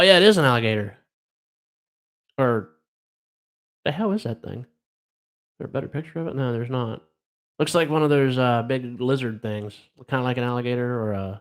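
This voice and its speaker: A middle-aged man from Ohio hosting a casual live stream, reading odd news stories aloud and rambling wryly with lots of fillers. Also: medium pitch. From Ohio, USA.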